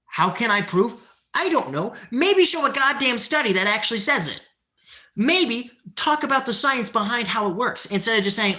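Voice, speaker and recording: A woman's voice: mid-range voice, expressive, normal speed, pushed and bright. Fired-up, profane woman ranting at chat. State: winded from exercise. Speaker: livestreamer. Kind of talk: livestream chat while working out.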